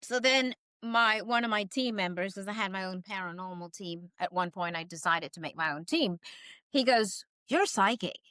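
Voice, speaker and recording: A woman guest, a psychic medium, telling stories in a casual interview and acting out quoted voices with quick laughs. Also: medium pitch, bright, forceful tone, no echo.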